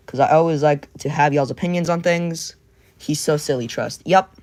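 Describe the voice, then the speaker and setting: A man's voice: fairly high pitch, brisk, a little mellow. Young man, drawing stream chat, silly, rambling, playful. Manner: rambling and goofy, jumps between silly voices and whispers. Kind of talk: casual livestream chat while drawing.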